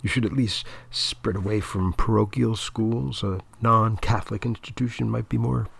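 Man playing a stern older director, hushed, formal, husky, dry. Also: lowish voice, steady tone, moderate pace, no echo, heavily acted. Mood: measured. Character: older male tournament director, measured and stern.

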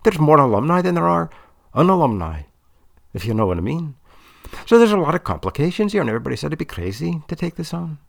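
A man talks in a rambling, comic monologue about his coaching work, circling back and repeating himself as he goes. His voice is gravelly and rough, with a pitch that jumps up and down all the time. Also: very animated, fast. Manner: rambling, repetitive, full of restarts. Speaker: debate coach.

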